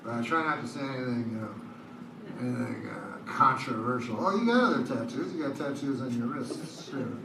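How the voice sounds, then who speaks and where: A man doing a stand-up routine in a casino theater, deadpan, rambling and profane. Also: medium pitch, fairly quick, vocal fry, noisy background. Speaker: stand-up comedian. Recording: echoey live room heard from far off, loud audience.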